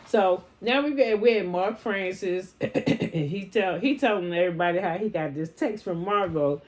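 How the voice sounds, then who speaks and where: A woman's voice: medium pitch, normal speed. A woman retelling a reality show episode in casual, blunt, heavily profane slang, slipping into quoted lines as she goes. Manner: acts out quoted lines in passing. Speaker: show recapper. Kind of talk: casual recap chat.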